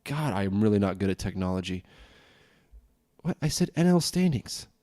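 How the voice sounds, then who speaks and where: Young man, podcast host, low-pitched, rambling, grumbling, self-mocking. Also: very animated, moderate pace, mellow. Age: young adult. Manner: rambling, self-deprecating, grumbling, with sudden high exclamations. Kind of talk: casual solo podcast rant.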